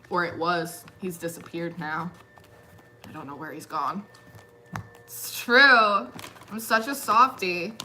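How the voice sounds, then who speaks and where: A young woman reading tarot in a casual, chatty way, giggling often and filling her talk with "like". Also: medium pitch. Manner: chatty, giggly, uses lots of fillers. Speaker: tarot reader.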